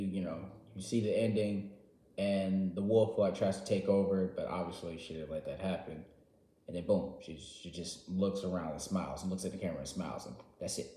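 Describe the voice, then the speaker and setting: A man casually recapping a game story, excitable and slangy, jumping from loud outbursts to quiet asides. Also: lowish voice. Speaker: gaming vlogger. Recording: roomy echo.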